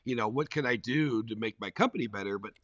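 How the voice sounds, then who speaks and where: A man's voice: fairly low pitch, fast talker, slight background noise. Man telling a rambling story, dull lo-fi sound. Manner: rambling and animated, full of "like" fillers. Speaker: podcast guest. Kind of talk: casual storytelling. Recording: dull, dry lo-fi recording.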